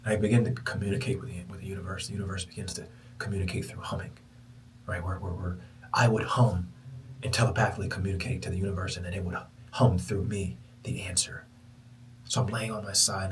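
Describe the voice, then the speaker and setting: A man hosting a podcast, telling a personal spiritual story in a lively, preacher-like way. He moves between loud exclamations and hushed, whispered passages. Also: low voice, fast, far from the mic, a little hiss or hum, low-quality recording. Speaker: podcast host. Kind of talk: motivational storytelling.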